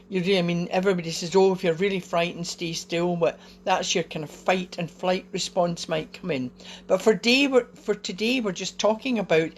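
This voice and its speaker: A woman giving a casual motivational talk on a live video from home, chatty and encouraging, with small laughs and fillers. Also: on the low side. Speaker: host of a live wellbeing video.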